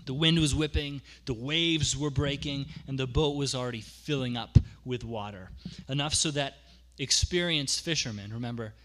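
Bright-voiced male pastor preaching. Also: medium pitch, normal speed, few pauses. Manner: conversational, explains with asides and repeats for emphasis. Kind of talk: sermon.

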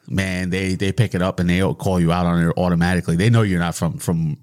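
Male co-host from New York, low voice, chatty emphatic storyteller. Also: little pitch movement, quick pace, a little mellow. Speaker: podcast co-host. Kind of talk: casual chat.

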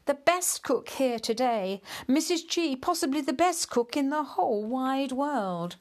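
A woman's voice: high-pitched, expressive, unhurried, voice pushed up. A woman voicing a jolly, plump old male lighthouse keeper who speaks with hearty delight in a storybook reading.

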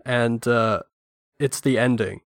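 A man's voice: mid-range voice, slow, vocal fry, no echo, clean studio sound. A man guesting on a film podcast, talkative and enthusiastic, giving strong opinions at length. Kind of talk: casual film podcast chat.

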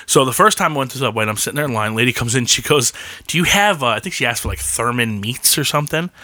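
A man telling profane, animated stories in a casual chat, laughing often and mimicking the people he describes. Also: medium pitch, rapid-fire, no echo.

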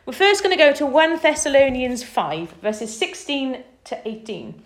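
A woman leading an informal Bible study, talking enthusiastically and climbing in pitch as she gets excited. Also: normal speed, roomy sound. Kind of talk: informal preaching to a small group.

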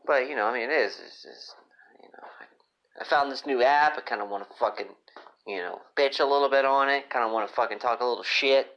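Fairly quick and fairly bright, a medium-pitched male podcast host rambles through a crude comedy monologue. He's moody and swears constantly, captured on a dull, lo-fi phone app.

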